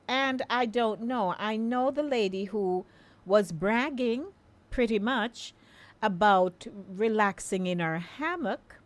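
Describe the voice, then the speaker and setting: A middle-aged Jamaican woman hosting a live call-in radio show, chatting in a coaxing, friendly way and inviting listeners to phone in. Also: medium pitch.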